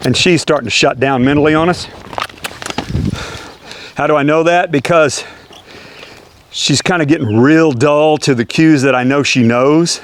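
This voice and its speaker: A man's voice: a little high, moderate pace, pauses often, a little hiss or hum. A man working as a horse trainer, explaining step by step as he works a young horse and asking rhetorical questions. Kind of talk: hands-on teaching while working a horse.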